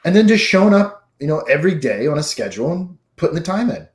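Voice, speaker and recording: A man co-hosting a casual podcast, telling stories in a relaxed, slang-filled way. His voice sits a little high. The room around him rings with echo. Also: fast. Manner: laid-back storytelling with slang. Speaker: podcast co-host. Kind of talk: casual chat.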